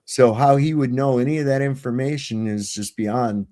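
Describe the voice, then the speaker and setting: A man's voice: mid-range voice, normal speed, dark tone. A middle-aged man telling a rambling, profanity-laced story as a guest on a livestream panel, over a remote call.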